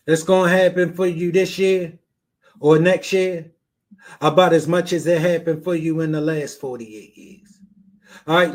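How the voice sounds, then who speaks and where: High-voiced man giving blunt mocking commentary. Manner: blunt, mocking, repeats himself. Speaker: reaction podcast host. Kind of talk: profane reaction commentary.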